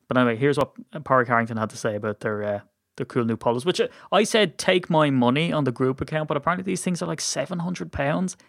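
With a mid-range voice and an Irish accent, a podcast host rambles through casual sports chat, poking fun at himself and leaning on fillers. The audio is studio quality with no echo.

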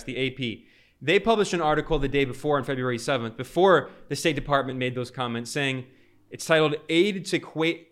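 A man's voice: on the high side, a bit bright. Emphatic, indignant male commentator. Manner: emphatic, indignant, stresses key words. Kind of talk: political commentary.

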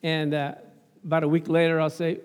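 Brief: a chuckling, expressive male preacher, high-pitched, sermon in a reverberant church. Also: fairly quick, clear, resonant tone. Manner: laughing, animated, talks back to the congregation.

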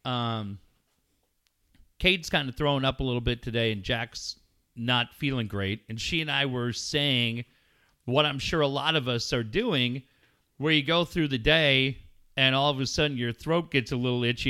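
A man in his forties co-hosting a talk show, telling stories in a casual, animated and profane way. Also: medium pitch, normal speed, clean tone. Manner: animated, profane storyteller acting out his own reactions. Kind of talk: casual chat.

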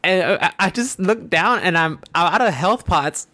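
A man's voice: sits high, lively intonation, normal speed, bright, forceful tone, no echo. A man co-hosting a podcast, chatting casually in rambling, slangy, profane stories. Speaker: podcast co-host. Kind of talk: casual chat.

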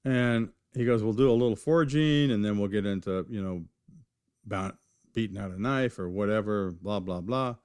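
A man from California sits for a casual interview and tells long stories about his start as a knifemaker. His voice sits low and sounds dry and close. He rambles, circles back and restarts his sentences often. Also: moderate pace, darkish tone, clean tone, no echo. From California, USA. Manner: rambling, with many restarts and fillers. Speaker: knifemaker guest.

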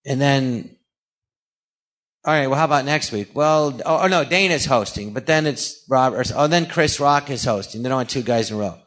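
A middle-aged man from California, telling lively anecdotes in an interview and acting out the dialogue. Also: mid-range voice, normal speed. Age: 40s or older. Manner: animated storyteller acting out quoted dialogue. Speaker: guest. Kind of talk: anecdotal storytelling.

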